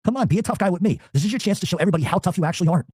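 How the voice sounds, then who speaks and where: A man's voice: high voice, animated, very fast, a little mellow, husky, no echo, clean studio sound. A man delivering a profane, taunting challenge rant with aggressive insults. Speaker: angry ranter.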